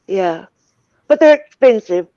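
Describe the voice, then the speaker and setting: A woman's voice: mid-range voice, animated, measured pace, dark tone, no echo. Easygoing woman on a muffled call. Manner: easygoing, brief replies. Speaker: livestream guest. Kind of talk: casual chat.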